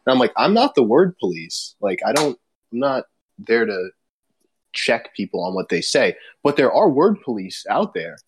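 A man's voice: mid-range voice, sing-song, normal speed, breathy edge, no room sound. A man hosting a podcast in casual chat, rambling and laid-back, laughing often and swearing, recorded over a remote voice chat. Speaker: podcast host.

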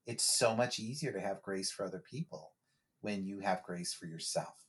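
A man's voice: fairly low pitch, moderate pace. A man who works as a therapist, a guest on a podcast, speaking in a reflective, conversational way with frequent restarts and repeated words.

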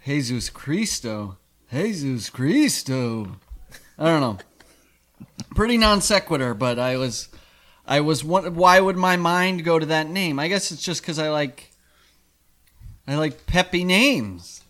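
Guy hosting a comedy pod, stammers a lot, laughs between words, kinda high voice. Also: a bit bright. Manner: halting, stammering, giggly. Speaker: podcast host. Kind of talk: casual comedy podcast chat.

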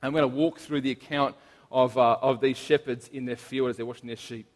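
A young man, preaching a casual sermon, telling stories in a chatty, animated way with lots of fillers and restarts. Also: mid-range voice, a little fast. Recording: long hall reverb.

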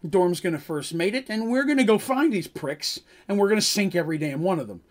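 A stern male minotaur leader, voiced by a man telling a story, issues clipped, commanding orders. The voice sits a little high for a man. He stays coldly calm. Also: a little fast. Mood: determined.

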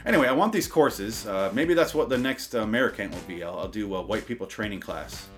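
A man's voice: on the low side, lively intonation, fast, fairly bright tone. Sarcastic man ranting, faint music behind. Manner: sarcastic, rambling, swears a lot; self-deprecating, stumbles and restarts. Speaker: comedy podcaster reading a bit. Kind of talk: reading a comic rant, then off-script riffing.

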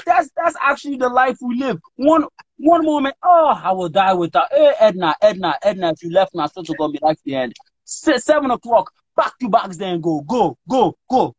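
Animated young man telling stories. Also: high-pitched, normal speed, no room sound, dull audio. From DMV area of the US. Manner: animated storytelling with put-on quoted voices. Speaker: podcast co-host. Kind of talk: casual chat.

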